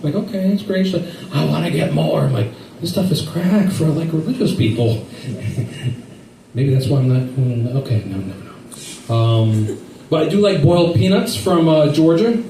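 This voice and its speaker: A man's voice: a little high, normal speed, creaky, dark tone, reverberant, recorded from a distance, slight background noise, low-quality recording. A middle-aged man doing a rambling, self-deprecating stand-up set, acting out quotes along the way. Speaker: stand-up comedian.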